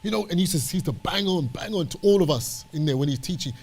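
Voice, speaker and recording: A man's voice: on the high side, fast, hardly any pauses. Passionate British man preaching. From Britain. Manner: passionate, emphatic, repeats phrases for stress. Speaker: church elder. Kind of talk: preaching in a church discussion.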